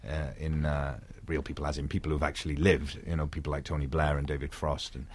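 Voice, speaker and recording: Deep-voiced Welsh actor, hesitant. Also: male voice, little pitch movement, fast talker. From Wales. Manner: thoughtful, hesitant with frequent restarts. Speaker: actor, interview guest. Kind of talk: reflective interview conversation.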